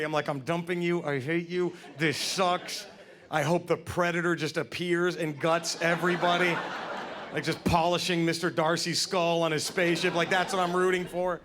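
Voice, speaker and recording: A man in his thirties doing a stand-up comedy set on stage, acting out scenes in silly voices with audience laughter behind him. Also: high voice. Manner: animated, acts out scenes in silly put-on voices. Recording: live stage recording with clear room noise.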